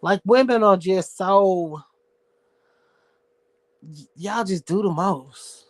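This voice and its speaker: Male host with a high voice and a dry, close sound. Blunt, sassy, cursing streamer rant. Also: takes it slowly, no echo. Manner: blunt, profane, sassy ranting. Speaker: show host. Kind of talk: casual livestream rant.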